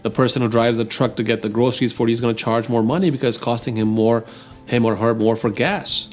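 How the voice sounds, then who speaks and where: A man's voice: medium pitch, fairly even intonation, fast talker, soft background music. A man hosting an opinionated commentary show on the economy. He talks emphatically, calls his listeners "folks" and grows heated as he argues. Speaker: host.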